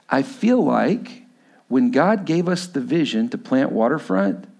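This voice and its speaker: High, gravelly-voiced preaching man. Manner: emphatic preaching, swinging between hushed and raised delivery. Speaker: pastor. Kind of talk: sermon. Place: church.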